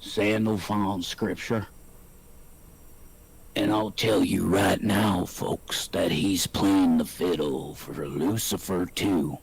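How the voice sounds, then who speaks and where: A man's voice: sits low, steady tone, takes it slowly, gravelly, slightly rough. A man ranting theatrically and preachily on a livestream about spiritual matters. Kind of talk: rambling livestream rant.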